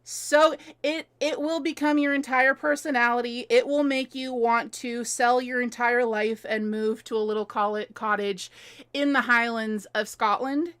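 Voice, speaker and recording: A woman's voice: on the high side, fairly even intonation, a little slow, fairly bright tone, smooth. A woman in her thirties hosting a live stream from her home, chatting casually, answering viewer comments and laughing often.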